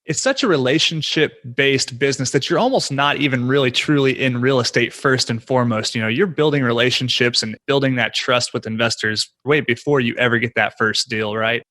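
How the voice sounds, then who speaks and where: Podcast host guy, bright voice, easygoing questions. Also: medium pitch, brisk, hardly any pauses. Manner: friendly, asks open questions, laughs along. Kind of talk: casual interview.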